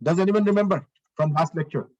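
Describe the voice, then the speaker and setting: A male instructor leads a live online lesson, walking through markup step by step. His voice sits a little high. He restarts his phrases often and checks in with the class as he goes. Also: quick pace, darkish tone, dull audio. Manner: talks through steps while working, repeats phrases, asks the class questions. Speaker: lecturer. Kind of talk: live online coding lecture.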